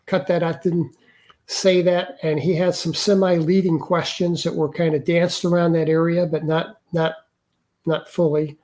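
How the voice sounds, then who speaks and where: An older man, an interview guest, earnestly recounting a personal experience in a halting way with many restarts. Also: a little high, level tone, a little mellow. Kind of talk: personal storytelling.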